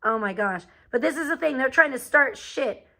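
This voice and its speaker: High, bright-voiced woman ranting angrily. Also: lively intonation, normal speed, poor audio. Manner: profane, heated and confrontational. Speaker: live streamer. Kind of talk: angry live-stream rant.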